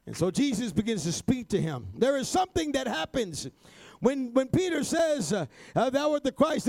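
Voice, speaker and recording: A man preaching a sermon, building to shouted, rhythmic refrains and sprinkling his lines with "amen" and "uh". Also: very high voice, vocal fry.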